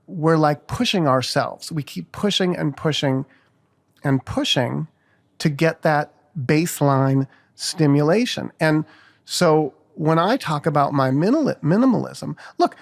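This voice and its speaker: A man's voice: a little high, expressive, a little slow, vocal fry. An older man speaking as a podcast guest, talking frankly and reflectively and swearing freely in casual conversation.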